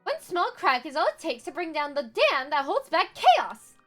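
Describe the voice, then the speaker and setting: A woman voicing a haughty, sharp-tongued noblewoman who lectures about rules. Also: sits high, big pitch swings, normal speed, faint music behind. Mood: lecturing. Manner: prim and lecturing.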